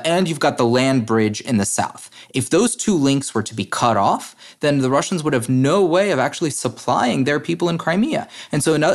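A man speaks as a podcast guest, laying out his arguments earnestly and at length. His voice sits at an ordinary middle pitch, and he often pauses on fillers and restarts his sentences. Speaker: guest, head of a democracy nonprofit. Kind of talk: interview conversation.

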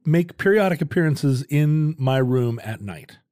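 A man's voice: a little high, animated, measured pace, dark tone. A man co-hosting a casual comedic chat, a rambling storyteller who laughs often. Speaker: podcast co-host.

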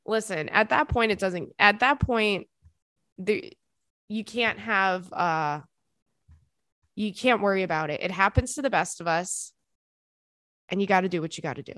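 A woman's voice: mid-range voice, measured pace, pauses often, dry recording. Sassy young woman reading listener emails. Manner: animated, sassy commentary with sudden loud reactions. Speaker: podcast host.

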